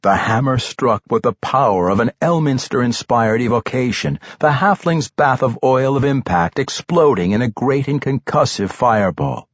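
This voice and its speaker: A man reading a fantasy novel aloud as an audiobook narrator, with a dramatic, expressive delivery. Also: mid-range voice, moderate pace, few pauses, breathy edge, dry recording. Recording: dry, slightly dull studio recording.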